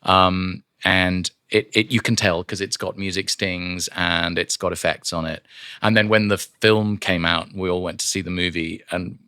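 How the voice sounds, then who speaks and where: Low-voiced man telling lively stories. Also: normal speed, clean tone, dry recording, studio quality. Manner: animated storyteller, laughs often, slips into accents. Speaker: voice actor and audiobook narrator, guest. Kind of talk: casual studio chat. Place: studio.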